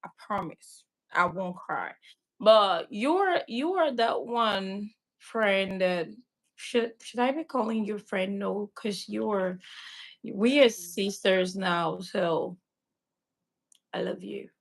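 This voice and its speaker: A woman from Lagos, a gentle and affectionate guest who laughs often. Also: mid-range voice, slow, vocal fry. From Lagos, Nigeria. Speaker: guest, host's best friend. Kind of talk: casual chat with a friend.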